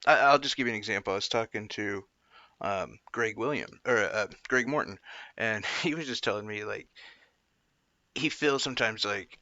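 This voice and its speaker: Bright, laughing male interviewer. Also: on the low side, normal speed, no echo. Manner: laughs easily, rambling questions. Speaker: interviewer host. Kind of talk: casual interview chat. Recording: dull, dry lo-fi recording.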